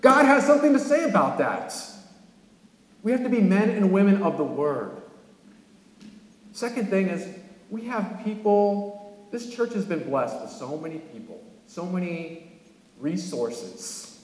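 A man from California preaching a sermon as pastor, animated, with sudden emphatic rises. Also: high-pitched, measured pace, pauses often. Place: church sanctuary. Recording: echoey church hall.

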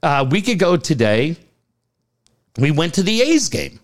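A middle-aged man sits in on a casual podcast chat, spinning stories and playing out every exchange in the voices of the people involved. His voice sits a little high for a man and swings up and down a great deal as he talks, with plenty of swearing mixed in. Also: moderate pace. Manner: animated storyteller acting out dialogue, swears freely. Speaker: podcast co-host.

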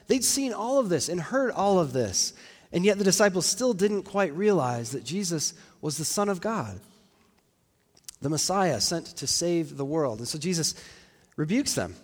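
A man's voice: sits high, very animated, moderate pace, long reverb tail. A man preaching a sermon in a conversational, reflective way, with fillers and restarts, in a church.

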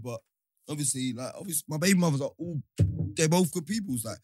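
A man's voice: on the high side, fast, slightly rough, dry recording. A man talking animatedly in casual chat, full of slang and repeating himself.

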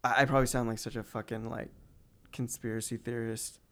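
A young man chats as a podcast guest, relaxed and slangy, and he laughs easily. His voice is smooth and clear, at a middle pitch. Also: a little fast. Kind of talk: casual chat.

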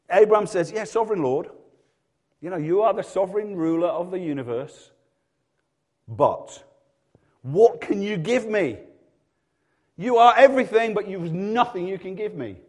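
A male pastor preaching a sermon in a church, telling stories and acting out voices in dialogue. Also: high voice.

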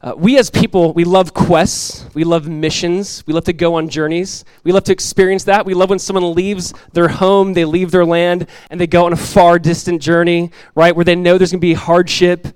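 A man in his thirties, a pastor giving a sermon in a relaxed, conversational way, telling stories with asides. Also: high-pitched, normal speed, hardly any pauses, smooth, no room sound, low-quality recording. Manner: conversational, animated storytelling with asides.

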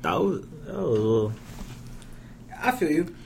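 A man's voice: fairly high pitch, big pitch swings, normal speed, creaky, a little hiss or hum. A young man co-hosting a podcast in casual chat, joking and swearing as he teases. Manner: joking, profane, teasing. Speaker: podcast co-host.

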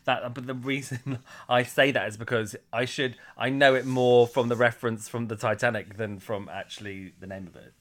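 A man co-hosting a casual chat podcast, giggly and quick to laugh as he gushes about a TV show. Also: medium pitch, steady tone. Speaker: podcast co-host.

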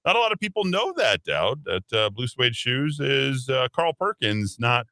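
A man's voice: mid-range voice, sing-song, moderate pace, bright, forceful tone, no echo, studio quality. A man hosting a talk radio show, ranting emphatically and sarcastically, at times putting on mocking voices. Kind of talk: opinionated talk radio monologue. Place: radio studio.

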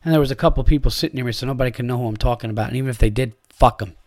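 This is a middle-aged man ranting on his own podcast, crude and heated, tripping over his own restarts as he goes. His voice sits in an ordinary middle pitch. The sound is close and dry, with no room around it. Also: very fast, darkish tone, dry recording. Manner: angry, crude, rambling with restarts. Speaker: podcast host. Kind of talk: profane rant to listeners.

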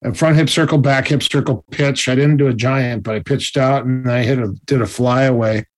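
A man telling stories in a casual interview, animated and acting out the other people's voices. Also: mid-range voice, moderate pace. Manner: animated, acts out quoted voices. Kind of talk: casual storytelling.

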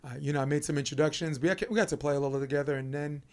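A man's voice: a little high, fairly even intonation, rapid-fire. A man with a Brooklyn accent hosting a podcast interview, loose and joking, swearing and laughing as he talks. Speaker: podcast host. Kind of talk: casual interview chat.

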